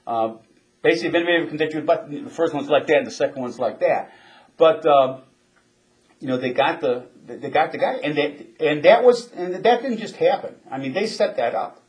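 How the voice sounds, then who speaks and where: An older man and former Marine telling a story in a casual interview, chuckling often and halting with restarts. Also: a little high.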